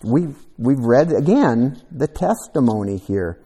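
A man's voice: mid-range voice, lively intonation, measured pace, warm tone. A man preaching a conversational sermon, reflective and thinking aloud, sometimes repeating a word as he goes. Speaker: pastor.

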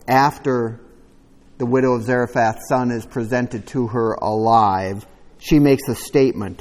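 A man's voice: medium pitch, a little mellow, long reverb tail. A man preaching a sermon, reading scripture aloud with rising emphasis and adding conversational asides to the congregation. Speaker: pastor.

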